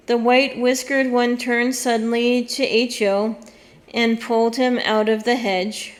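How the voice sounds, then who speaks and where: Slow, measured woman audiobook reader. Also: fairly high pitch, level tone. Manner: measured, deliberate reading. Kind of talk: scripted audiobook narration.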